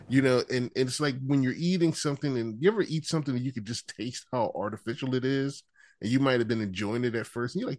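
A man co-hosting a casual wrestling podcast, animated and quick to laugh and mimic people. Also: mid-range voice. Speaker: podcast co-host.

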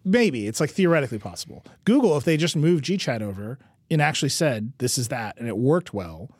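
A man hosting a tech podcast in casual chat, animated and joking as he spins mock-grand plans. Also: mid-range voice, fairly quick, slightly rough, no echo, studio quality. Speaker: podcast host.

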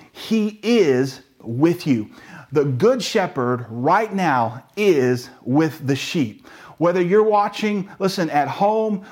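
Earnest, emphatic male pastor preaching. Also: high voice. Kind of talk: sermon.

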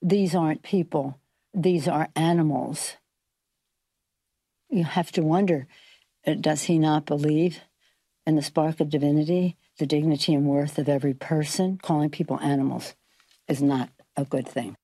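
A woman politician giving a formal, measured public statement, with pauses and fillers. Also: deep voice, fairly even intonation, warm tone, slightly rough, no echo, studio quality. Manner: measured, deliberate, halting with fillers.

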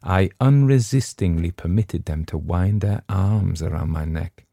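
Deep, gravelly man narrating a classic tale; dramatic, measured, dry studio. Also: warm tone, no echo. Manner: measured, dramatic first-person reading. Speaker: audiobook narrator. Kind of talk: scripted narration of a classic story.

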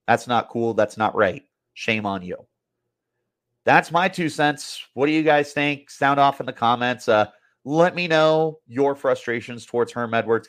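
Annoyed man ranting on a podcast. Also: medium pitch. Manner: heated, annoyed, repetitive. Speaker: sports podcast host. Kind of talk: opinion rant.

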